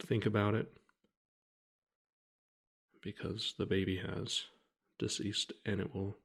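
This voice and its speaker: A man speaks slowly in a low, gravelly voice as he tells his own story to the camera. He halts often and restarts his sentences, and his speech stays quiet and heavy throughout. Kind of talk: personal account told to camera.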